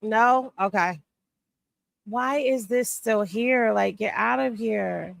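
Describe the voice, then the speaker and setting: Sassy woman ranting to her viewers, kinda gravelly and highish, dry room sound. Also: slow pace, dry recording. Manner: blunt, sassy, talks straight to viewers. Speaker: commentary host. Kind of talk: casual reaction commentary. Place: home room with rain on a tin roof.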